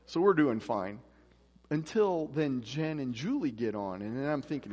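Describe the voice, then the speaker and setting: Man, pastor, husky voice, conversational sermon, echoey church hall. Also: mid-range voice, expressive, unhurried. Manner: conversational, acts out quoted voices.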